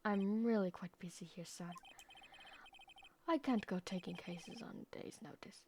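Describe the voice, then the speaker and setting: A woman's voice: medium pitch, unhurried, dark tone, slight background noise, lightly acted. Pompous older male lawyer, haughty, evasive, theatrical, voiced by a woman.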